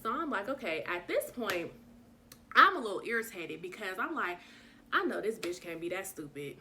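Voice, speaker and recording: Animated young woman, bright voice. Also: a little hiss or hum. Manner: animated retelling, acts out dialogue with pitch jumps; frank, swears freely. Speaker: vlogger telling a story. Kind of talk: casual storytime vlog.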